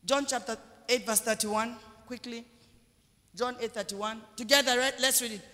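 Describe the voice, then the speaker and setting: High-voiced pastor in an echoing church. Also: male voice, steady tone, normal speed. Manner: emphatic preaching, repeats phrases, rises to shouts. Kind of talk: sermon. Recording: long church hall reverb.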